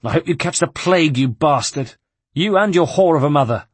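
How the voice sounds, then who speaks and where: A man's voice: on the high side, animated, brisk, breathy edge, no room sound, voice pushed up. A man voicing a fiery wounded young woman thief who snarls and curses. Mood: furious. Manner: snarling, cursing.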